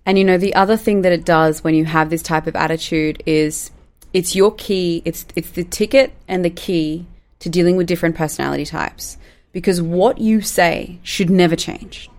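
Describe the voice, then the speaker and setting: A woman's voice: lowish voice, normal speed, a little mellow. Chatty woman coaching managers. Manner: chatty, demonstrates lines in different tones. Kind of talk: teaching with acted examples.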